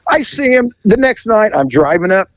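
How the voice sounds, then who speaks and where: Guy with a high lively voice telling a funny cop story, laughing, doing voices. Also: normal speed, no room sound, low-quality recording. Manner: animated, laughing, mimics voices. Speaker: podcast host telling police stories. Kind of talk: comic storytelling.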